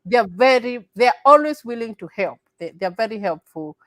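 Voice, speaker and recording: A woman's voice: a little high, expressive, a little fast, dry recording, rough recording. Earnest Kenyan-born woman, dry close sound. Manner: earnest, repeats herself, laughs often. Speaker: interview guest. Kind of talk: casual interview conversation.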